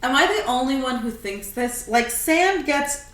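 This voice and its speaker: A woman's voice: sits high, lively intonation, a little slow, fairly bright tone, reverberant. A young woman from California co-hosting a podcast, chatting casually in a playful way, with frequent use of "like.". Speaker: podcast co-host. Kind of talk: casual chat.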